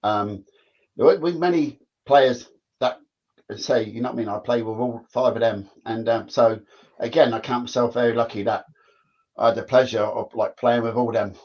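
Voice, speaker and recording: Bloke rambling thru old football stories, "like i say" every other line, kinda dull lo-fi audio. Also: male voice, mid-range voice, fairly even intonation, moderate pace, a little mellow. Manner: rambling, repeats "like I say". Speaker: former footballer guest. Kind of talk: casual chat, storytelling. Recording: dull lo-fi sound.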